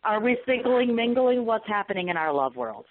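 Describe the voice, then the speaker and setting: A woman's voice: on the high side, animated, a little fast, dry recording. A woman hosting an interview, playful and teasing her guest. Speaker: host. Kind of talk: casual interview chat. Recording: dry tinny phone line.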